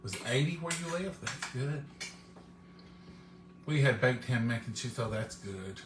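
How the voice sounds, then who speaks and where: A man's voice: medium pitch, lively intonation, measured pace, echoey room, noisy background. A man, hosting a live cooking stream and chatting with viewers in a homey, folksy way. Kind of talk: casual chat to viewers.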